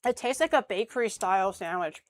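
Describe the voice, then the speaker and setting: With faint music in the background, a bubbly female streamer chats away while sampling her own cooking. Her mid-range voice is expressive and a little fast, on a dry recording.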